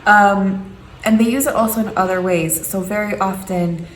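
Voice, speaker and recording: A woman's voice: medium pitch, normal speed. Playful woman vlogging in an echoey room. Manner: animated, playful, exaggerated voices for quoted people. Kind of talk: casual comedic vlog. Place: home room. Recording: echoey room with faint background noise.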